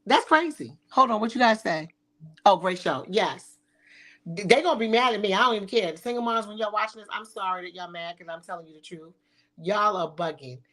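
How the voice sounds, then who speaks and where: A woman's voice: mid-range voice, fairly quick, fairly bright tone. A middle-aged woman hosting a talk show, speaking bluntly and sassily with frequent swearing. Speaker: podcast host. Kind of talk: provocative casual talk.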